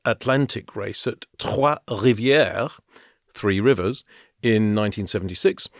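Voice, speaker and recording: A man co-hosting a podcast, talking in a loose, storytelling way with the odd "uh" and "anyway". His voice sits at an ordinary middle pitch. The sound is close and dry, with no room around it. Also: no room sound. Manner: chatty, storytelling, with fillers and laughs. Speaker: podcast co-host. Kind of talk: casual podcast chat.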